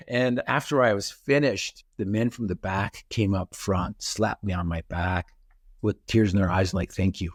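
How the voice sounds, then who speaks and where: A man's voice: on the low side, normal speed, dry recording, studio quality. A middle-aged man, a guest speaker on a podcast, telling stories with energy and acting out his own reactions. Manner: animated storyteller, acts out his own reactions. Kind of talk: storytelling in a podcast interview.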